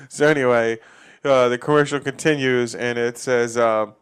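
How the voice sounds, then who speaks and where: A man's voice: medium pitch, fairly even intonation, a little slow, a bit bright, smooth. A man from Massachusetts hosting a comedy podcast, ranting casually with lots of swearing and laughing at his own jokes. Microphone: facing a camera.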